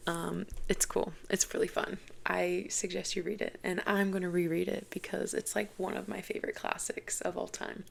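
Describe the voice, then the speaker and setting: A woman's voice: on the low side, level tone, normal speed, vocal fry, few pauses. A woman in her twenties, a book vlogger, talking in a chatty, casual way full of "like" fillers. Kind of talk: casual chat.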